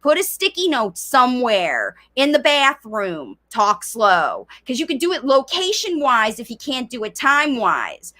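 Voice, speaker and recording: Chatty woman with a bright tone. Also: high voice, big pitch swings, moderate pace, hardly any pauses. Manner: chatty, voices the child in quotes. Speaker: speech coach. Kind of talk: live-streamed talk to parents.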